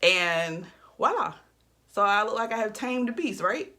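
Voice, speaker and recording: Bright-voiced woman chatting to camera. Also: mid-range voice, lively intonation, a little slow. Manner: chatty, talks straight to viewers as y'all and child. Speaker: hair care vlogger. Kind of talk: casual chat to camera.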